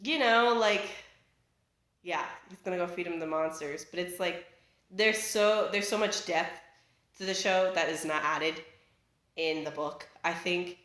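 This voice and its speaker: A young woman vlogger with a lowish, slightly bright voice speaks at an unhurried pace. She rants casually from her echoey living room, chatty and rambling, piling on fillers and cutting herself off to restart.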